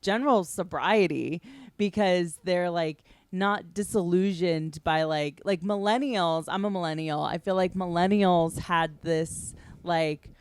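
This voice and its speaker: A woman in her thirties hosting a podcast in casual chat, excitable and rambling with lots of fillers. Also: on the low side, a little slow, clean tone, no echo. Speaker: podcast host.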